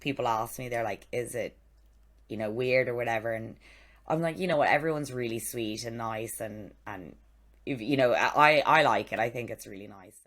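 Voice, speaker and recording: Irish woman, young, deep-pitched, chatty anecdote-teller. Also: moderate pace. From Ireland. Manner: animated storytelling, acts out quoted voices. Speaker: podcast co-host. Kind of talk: casual chat.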